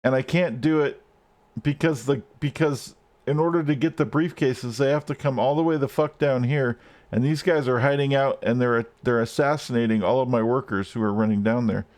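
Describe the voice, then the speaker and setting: A man's voice: medium pitch, steady tone, normal speed, darkish tone. A man streaming gameplay live, ranting and swearing at the game as he plays. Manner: frustrated, swearing, rants at the game.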